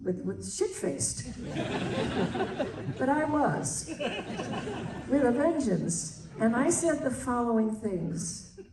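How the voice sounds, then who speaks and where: An older woman tells a story on stage, her pitch rising and falling freely. She laughs easily as an animated storyteller. The sound is roomy and distant. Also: extremely slow, long pauses, slight background noise. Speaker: guest. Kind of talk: anecdote on stage. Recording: roomy hall, distant mic.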